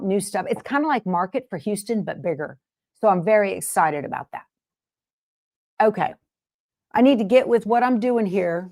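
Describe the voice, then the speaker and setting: A woman hosting a sewing livestream, chatting casually with viewers and rambling from one topic to the next. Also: mid-range voice. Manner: rambling, jumps between topics and interrupts herself.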